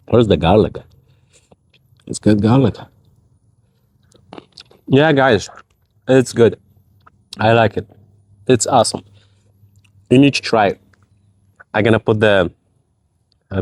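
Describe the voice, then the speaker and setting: A man's voice: on the low side, slow pace, long pauses, no echo, clean studio sound. Man chatting through an outdoor cooking vlog. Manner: chatty, non-native phrasing, exclaims at the spicy food. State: teary, runny nose from smoke and spice. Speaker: cooking vlogger. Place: backyard by a wood fire, outdoors.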